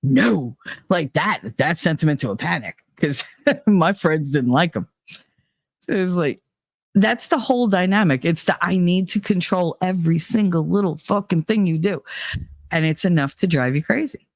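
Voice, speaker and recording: A middle-aged woman hosting a casual chat, telling a story in an animated way, swearing and mimicking other people's voices. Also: lowish voice, normal speed, no room sound, studio quality. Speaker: channel host.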